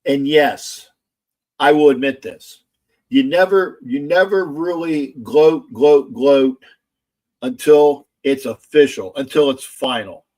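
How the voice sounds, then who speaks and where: A man hosting a casual sports livestream, loud, gloating and profane, repeating himself often. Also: mid-range voice, slow. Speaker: livestream host.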